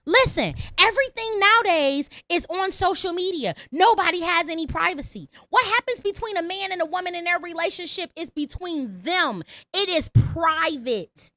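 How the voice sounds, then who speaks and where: A woman's voice: very high-pitched, expressive, normal speed, few pauses, pushed and bright, no room sound. A woman hosting a call-in podcast, ranting in a blunt, profane way and repeating lines for emphasis. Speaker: podcast host. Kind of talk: opinionated call-in podcast monologue.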